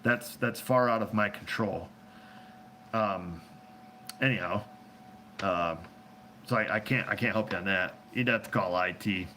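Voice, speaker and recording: Male host, low voice, loose and joking, takes viewer questions on a phone stream with faint noise behind. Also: a little slow, pauses often, bright, forceful tone. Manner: rambling, joking, laughs often. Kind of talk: casual live chat.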